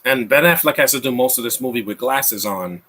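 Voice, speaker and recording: A man's voice: medium pitch, lively intonation, brisk, a bit bright, slightly rough. A man in his thirties giving a rambling, mocking live commentary over a movie, with frequent restarts. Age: 30s. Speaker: film commentator.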